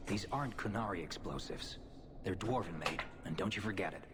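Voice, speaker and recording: An actor playing a blunt, stubborn male dwarf warrior with a gruff manner, in a video game. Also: low voice, animated, a little fast, very noisy. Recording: game audio with long reverb.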